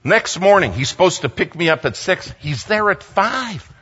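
A man giving a sermon as a story, animated, humorous and conversational. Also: sits high, moderate pace. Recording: dull sound, long hall reverb.

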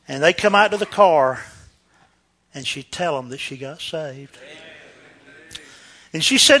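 A male preacher telling a story in a sermon, animated and laughing, swinging between loud and hushed. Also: a little high, moderate pace, long pauses.

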